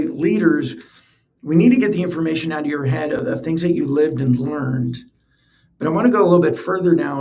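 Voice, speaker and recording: Guy hosting a podcast solo, earnest and chatty, kinda high voice, repeats himself a lot. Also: warm tone. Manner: earnest, conversational, repeats words while thinking. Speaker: podcast host. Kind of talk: casual solo podcast talk.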